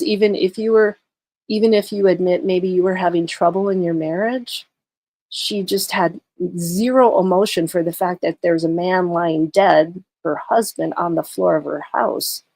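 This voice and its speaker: A woman's voice: fairly low pitch, a little mellow, dry recording. Woman, very tired, casual livestream chat, chatty with fillers, dry sound. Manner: chatty, greets viewers, many fillers. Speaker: true crime livestreamer.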